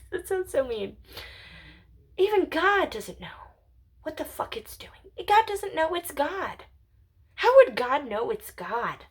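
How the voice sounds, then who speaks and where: High, lively woman musing aloud. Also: slow pace, pauses often. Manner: musing, drifts into whispers and giggles. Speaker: channel owner. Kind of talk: rambling philosophical monologue. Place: at home.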